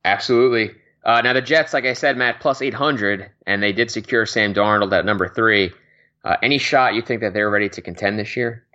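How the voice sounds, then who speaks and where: Bright-voiced man co-hosting a podcast. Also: fairly low pitch, steady tone, lo-fi sound. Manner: quick, conversational, many fillers and laughs. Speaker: podcast co-host. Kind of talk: casual sports betting chat.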